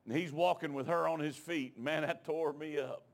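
A middle-aged man preaching, telling a personal story in a folksy, emotional way that rises into shouted preaching. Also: on the high side, steady tone, moderate pace, creaky. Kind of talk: storytelling sermon.

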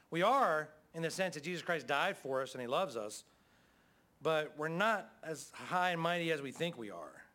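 A man's voice: fairly high pitch, fairly bright tone. A middle-aged man preaching a sermon as pastor, in a folksy, conversational way with frequent calls of amen.

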